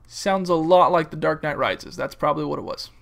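A man's voice: a little high, brisk, creaky, fairly bright tone. A young man from California giving casual, rambling, joking commentary while playing a game. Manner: rambling, joking, silly bits and mock-wildlife-presenter asides. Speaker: gaming video host.

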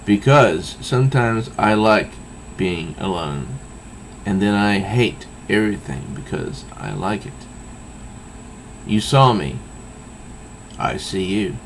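A man voicing a grim, stern masked male comic-book hero, low and deliberate. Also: animated, creaky, slight background noise, exaggerated voice, poor audio.

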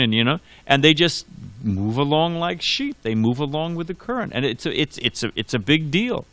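A man teaching a scripture class, telling stories in a loose, digressive way and often restarting his sentences. His pitch swings widely as he talks, and the recording is close and dry with no room sound. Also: sing-song, brisk, fairly bright tone, no room sound. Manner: conversational, digressive storytelling with restarts. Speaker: monk giving a scripture class. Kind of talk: sermon. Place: temple hall.

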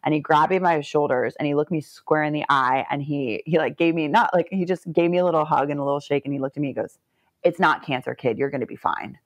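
A woman's voice: deep voice, fast, few pauses, no room sound. A woman in her forties from the United States, a former Olympic swimmer, telling stories in a podcast interview, laughing often and acting out what people said. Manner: animated, laughs often, acts out quotes.

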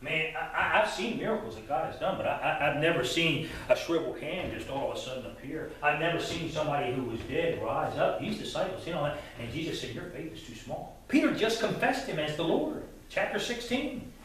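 A man's voice: on the high side, lively intonation, brisk, hardly any pauses, a bit bright, a little hiss or hum. A man preaching a sermon as a pastor, earnest, often repeating words as he stresses a point, in a church sanctuary. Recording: distant mic in a very echoey church hall.

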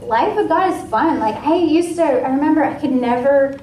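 A woman's voice: sits high, moderate pace, recorded from a distance, a little hiss or hum. Woman's testimony, echoey room from afar. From Washington State, USA. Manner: casual, lively, full of "like" and "um". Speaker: guest speaker at a ministry. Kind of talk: personal testimony talk. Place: ministry meeting room with a live audience.

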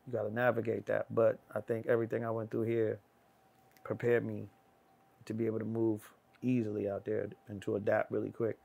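Middle-aged guy, gravelly voice, animated storyteller who acts out every character. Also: fairly quick. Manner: acts out voices of people in his anecdotes, swinging loud and high. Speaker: guest. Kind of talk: animated storytelling in casual chat.

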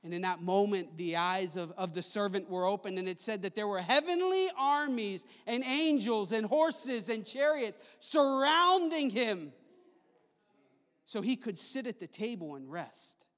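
A man preaching a sermon in a chapel, impassioned, moving between soft stretches and loud ones. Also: sits high, lively intonation, measured pace. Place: large chapel hall. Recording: long hall reverb.

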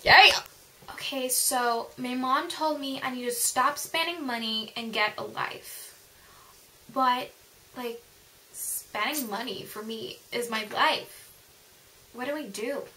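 A loud, sassy young shopaholic, put on by a vlogger. She drawls and calls out brassily. Her voice sits high and very bright. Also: takes it slowly, low-quality recording.

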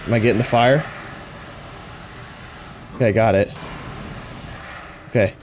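A man giving excitable let's play commentary, thinking aloud and gasping at each new find. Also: on the low side, measured pace, slight background noise. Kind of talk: gameplay commentary.

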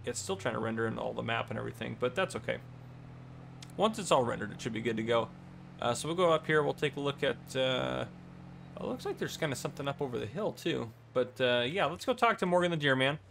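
Easygoing gravelly man narrating gameplay. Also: mid-range voice, animated, quick pace, a bit bright, a little hiss or hum. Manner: easygoing, rambling with many fillers. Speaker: gameplay channel host. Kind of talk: casual gameplay commentary.

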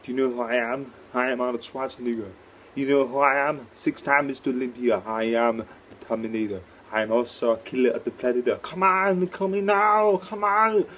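A man's voice: mid-range voice, flat delivery, brisk, slight background noise, lightly acted. A man doing a boastful muscleman action hero.

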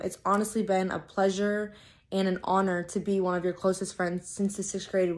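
Flat-toned sincere young woman. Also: fairly low pitch. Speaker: close friend. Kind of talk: heartfelt video message.

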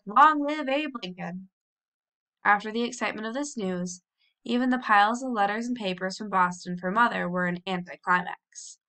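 A woman reading a children's novel aloud as a storybook narration, lively, with brief cheerful voices for the characters. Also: mid-range voice. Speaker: audiobook reader.

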